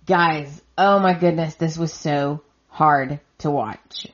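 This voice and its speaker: Slow-talking woman in a chatty recap. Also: low voice, dull audio. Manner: chatty, retells scenes with quoted dialogue and "she's like". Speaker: podcast host. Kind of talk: casual soap opera recap.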